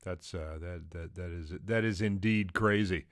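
A man co-hosting a podcast in casual chat, talking in halting bursts with many restarts and fillers. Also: deep voice, no echo, studio quality. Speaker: podcast co-host.

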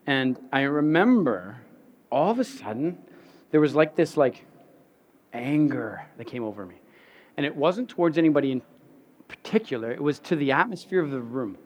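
A man's voice: medium pitch, lively intonation, moderate pace, lo-fi sound. A man pastor preaching a sermon, telling stories animatedly, repeating words and laughing at himself.

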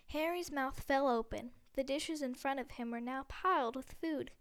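A woman reading a storybook aloud in a steady, gentle way, with small slips. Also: high-pitched, moderate pace, few pauses. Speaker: audiobook reader. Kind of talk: storybook narration.

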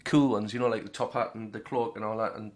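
A man's voice: fairly low pitch, fairly even intonation, fast talker. A man co-hosting a podcast in casual chat, teasing his partner with jokey banter. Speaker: podcast co-host.

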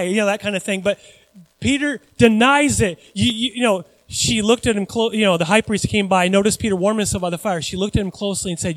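A man with a notably high voice delivers an animated sermon, chatting with his listeners as he goes. The sound is close and dry, with no room echo. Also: fairly quick. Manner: animated, conversational preaching with asides to the congregation. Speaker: pastor.

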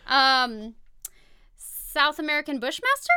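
A woman co-hosting a podcast, chatting casually through a word game, giggling and quickly correcting herself. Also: high voice, sing-song, pushed and bright, no room sound, clean studio sound. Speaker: podcast co-host.

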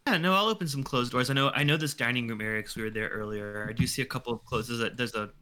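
A man playing a tabletop game, joking in a casual, quick way. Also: mid-range voice, pushed and bright, slight background noise. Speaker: player.

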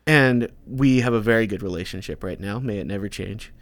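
A man's voice: fairly low pitch, a little fast, no room sound. A young man, co-hosting a podcast in casual chat, telling stories animatedly and acting out quotes. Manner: animated storyteller, acts out quotes. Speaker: podcast co-host.

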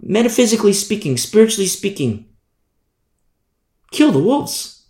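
A man's voice: high voice, very animated, moderate pace, a little mellow. Emphatic male preacher in an echoey room. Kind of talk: sermon.

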